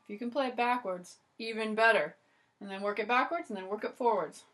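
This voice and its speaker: Speaking briskly in a voice on the high side, a woman gives an encouraging, chatty violin lesson on video, frequently opening with "so" or "okay." Loud violin music plays between her phrases.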